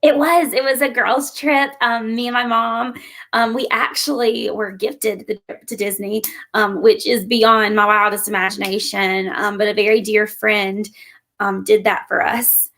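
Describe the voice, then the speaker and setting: A woman guest chatting casually on a live stream, laughing often and filling pauses with um. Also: medium pitch, flat delivery, a bit bright. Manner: giggly, chatty, with many ums.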